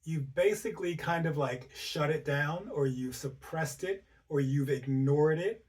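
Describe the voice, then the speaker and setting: Man, fairly high voice, casual health talk, keeps asking "right?", a bit distant from the mic. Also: unhurried, a little mellow. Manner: conversational, rhetorical questions, frequent "right?". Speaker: host. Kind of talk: informal health talk to camera.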